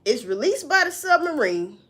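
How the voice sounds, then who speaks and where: Woman vlogger, lively up-and-down delivery, salty and unfiltered, commenting on the news in a loose, chatty way. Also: sits high, normal speed. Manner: profane, animated, talks back to herself.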